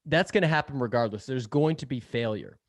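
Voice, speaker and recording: A man's voice: mid-range voice, a little fast, dry recording, studio quality. Chatty man who laughs and swears. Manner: rambling, filler-heavy, laughs often, swears casually. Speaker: podcast guest, sales podcast host. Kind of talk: casual interview chat.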